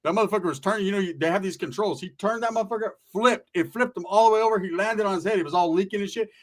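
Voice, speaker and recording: A man's voice: sits high, racing. A man from California telling a profane, slangy comedy story, laughing and doing voices.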